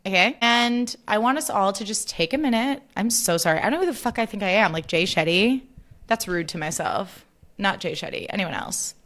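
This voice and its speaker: A woman's voice: medium pitch, expressive, a little fast, fairly bright tone. A young adult woman hosting a casual solo podcast, bubbly and chatty, peppering her talk with "like" and swearing freely. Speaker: podcast host.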